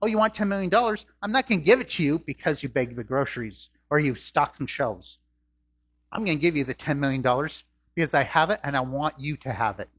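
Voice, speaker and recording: Pastor doing god offering a gift, calm and gentle, kinda husky, dull lo-fi sound. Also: male voice, fairly high pitch, no echo, pitched below the performer's own voice. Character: God as a generous, patient giver.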